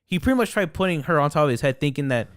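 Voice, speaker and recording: A young man chatting loosely on a podcast, circling his points with restarts and swearing. His voice is smooth and clear. The sound is dry and close. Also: fairly high pitch, expressive, very fast, no room sound. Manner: rambling, swears a lot, many restarts. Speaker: podcast co-host. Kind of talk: casual chat.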